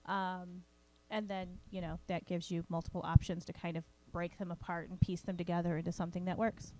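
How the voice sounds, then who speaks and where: A woman's voice: on the low side, flat delivery, a little fast, dark tone. Chatty woman co-hosting a writing podcast. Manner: thoughtful, explains at length with fillers. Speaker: podcast co-host. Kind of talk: casual chat about writing.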